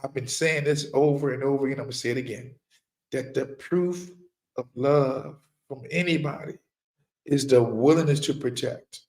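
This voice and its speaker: A man's voice: medium pitch, normal speed, a little mellow. A middle-aged man giving an impassioned, preaching monologue as a firearms trainer, repeating key lines for emphasis and firing rhetorical questions at his listeners.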